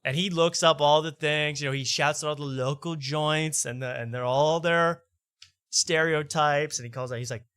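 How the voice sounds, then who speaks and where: A male talk show host rants sarcastically over clips, repeating himself. His voice is fairly high and fairly bright, clear and resonant, with fairly even intonation at a normal speed. The recording is dry with clean studio sound.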